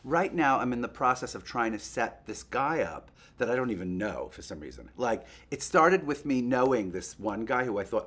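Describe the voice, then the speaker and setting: Male host, gossipy and playful, lively swoops in pitch, mid-pitched voice. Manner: animated, chatty, breaks into quick impressions. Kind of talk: gossipy comic monologue to a puppet.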